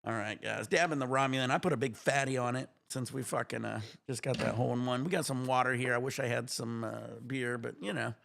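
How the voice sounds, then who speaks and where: A man chatting on his own livestream, excitable and swearing freely, with breathless exclamations between his remarks. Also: mid-range voice, fairly quick, vocal fry, few pauses. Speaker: livestream gamer. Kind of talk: excited casual livestream chat.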